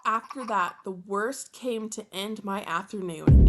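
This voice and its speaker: A woman's voice: mid-range voice, unhurried, faint music behind. A woman reading a fan story aloud in a playful way, breaking off for joking asides and laughing at her own reading. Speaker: channel host reading fanfiction.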